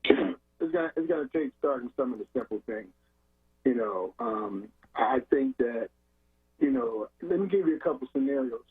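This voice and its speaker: A man's voice: mid-range voice, expressive, normal speed, gravelly, slightly rough. A man calling in to a radio show, earnest, laying out long everyday scenarios. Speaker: caller. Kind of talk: call-in radio. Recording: phone-line call-in.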